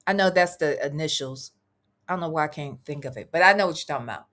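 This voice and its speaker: A woman's voice: deep voice, quick pace, fairly bright tone. A middle-aged woman, chatting casually on a live reaction stream, reading comments and wandering off topic with swearing and laughing asides.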